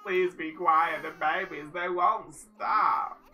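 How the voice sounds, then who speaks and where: A woman's voice: rumbling low, little pitch movement, a little fast, pushed and bright, a little hiss or hum. A woman voicing a frazzled young sim mother, pleading. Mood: frantic. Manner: pleading, repeating herself.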